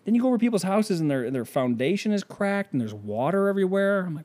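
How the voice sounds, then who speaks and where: A man from the United States hosting a podcast, ranting in a casual comic way, swearing and firing off rhetorical questions, swinging between loud outbursts and low mutters. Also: very animated, fast talker, few pauses. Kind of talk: casual comedic rant.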